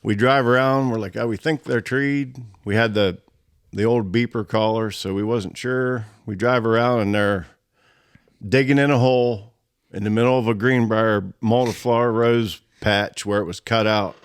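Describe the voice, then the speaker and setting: A man telling a hunting story in casual talk, animated and often laughing. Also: on the low side, normal speed, clean tone. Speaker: guest storyteller.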